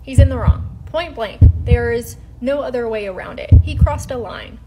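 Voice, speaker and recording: A woman's voice: fairly high pitch, moderate pace, heavy background noise. Indignant woman calling someone out. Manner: indignant, firm, emphatic. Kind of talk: heated commentary to camera.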